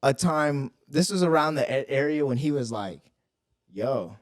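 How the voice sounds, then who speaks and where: A man's voice: on the high side, moderate pace. Profane, rambling young man telling stories. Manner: loose, profane storytelling. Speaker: podcast co-host. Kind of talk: casual chat.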